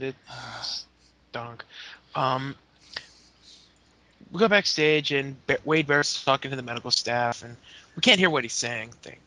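A man's voice: medium pitch, vocal fry, bright, forceful tone. A man co-hosting a podcast, recapping in a rambling, joking way. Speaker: podcast co-host. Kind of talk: casual recap chat.

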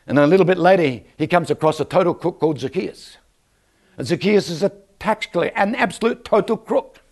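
An older man preaching a lively church sermon, joking and calling out for amens from the congregation. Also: a little high. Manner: animated, joking, calls for amens from the crowd. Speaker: guest preacher. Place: church service.

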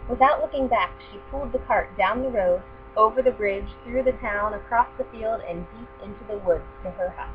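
A woman's voice: medium pitch, normal speed. Woman reading a picture book, tinny. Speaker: storyteller. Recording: tinny lo-fi with mains hum.

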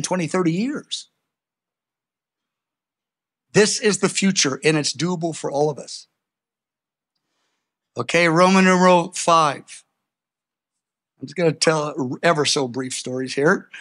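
Older man, sermon, storytelling, slightly high voice, sudden loud bursts. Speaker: preacher.

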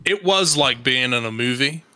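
A young English man hosting a podcast, telling a story in a loose, animated way with plenty of swearing and filler words. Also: medium pitch, normal speed. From England. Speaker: podcast host.

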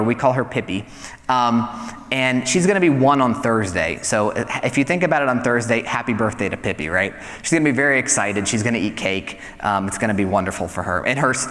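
A man in his thirties, a young adults pastor, preaching a relaxed, conversational sermon full of storytelling and light self-deprecating humor. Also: mid-range voice. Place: church hall. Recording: reverberant hall sound.

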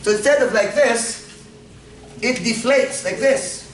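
A man's voice: very high voice, slow, slight background noise. A man lecturing on anatomy in a classroom, playfully quizzing his students and laughing often. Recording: echoey classroom from far off.

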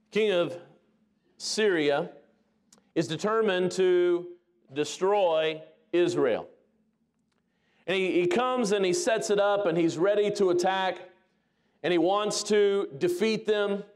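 Animated, higher-voiced male preacher. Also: normal speed. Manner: animated storytelling, then soft prayer. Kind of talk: sermon.

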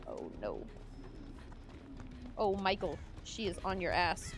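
A woman's voice: medium pitch, wildly swooping pitch, measured pace, pauses often, faint music behind. Woman streamer, swings up and down a lot, playful self-pitying gamer chatter. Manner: dramatic, swears freely, playful self-pity. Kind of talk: live gaming stream commentary.

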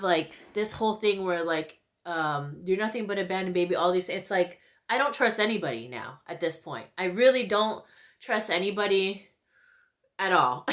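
A woman in her thirties chatting casually to camera while doing her makeup, full of "like" and "you know" and quick laughs. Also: mid-range voice, a bit bright. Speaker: beauty vlogger. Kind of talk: casual get-ready-with-me chat.

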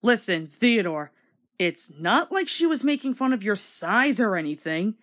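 A woman's voice: mid-range voice, sing-song, a little slow, a bit bright. A woman hosting a casual video commentary, sarcastic and wisecracking. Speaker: commentary host.

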